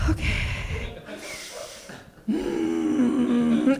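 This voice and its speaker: Speaking slowly in a high, creaky voice with long pauses, a young woman does open mic stand-up for a live audience at a small comedy venue. She rambles, pokes fun at herself, banters with the crowd, and keeps saying "oh my goodness."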